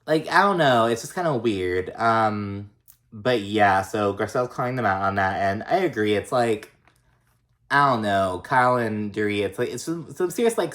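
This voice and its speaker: A man's voice: mid-range voice, fairly bright tone. A man casually recapping a reality TV episode, chatty and profane, full of likes and ums, with sassy, exasperated asides.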